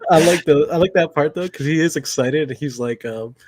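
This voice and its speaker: A man's voice: fairly high pitch, brisk, heavy background noise. A man co-hosting a casual podcast about a comedy film, laughing often and acting out scenes he quotes. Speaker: podcast co-host. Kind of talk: casual movie chat.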